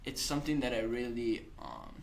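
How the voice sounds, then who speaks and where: A young man from Italy with an Italian accent, a podcast guest who talks in an earnest, halting way and laughs often. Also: mid-range voice, huge pitch swings, gravelly, slight background noise. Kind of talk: casual conversation.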